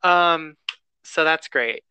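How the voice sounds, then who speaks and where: A man with a bright, fairly high voice gushes casually about a film and drops the odd swear word. His voice is recorded close and dry. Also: extremely slow, clean tone, no room sound. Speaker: podcast co-host.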